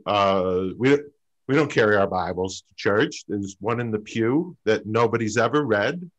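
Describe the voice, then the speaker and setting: A man telling a comic true story on stage, halting with fillers before deadpan punchlines. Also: fairly low pitch, muffled recording. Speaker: open mic storyteller.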